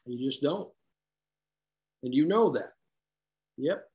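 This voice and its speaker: A man sharing his personal story at a recovery meeting, candid and self-deprecating, halting and restarting as he talks. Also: medium pitch, animated, a little mellow. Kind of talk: personal story told to a group.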